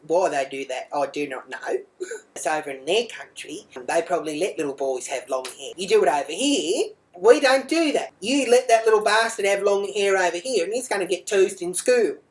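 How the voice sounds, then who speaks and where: A woman with a somewhat low voice tells a rambling comic story as a mother. She is blunt and crude and swears without a second thought. She keeps wandering off on side remarks. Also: lively intonation, moderate pace. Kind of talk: comic character monologue.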